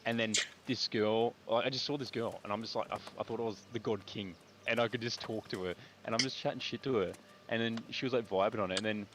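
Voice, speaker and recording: A man's voice: lowish voice, quick pace. A young Australian man streaming, telling a long slangy story with lots of swearing. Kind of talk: casual chat while gaming on stream. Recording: noisy background.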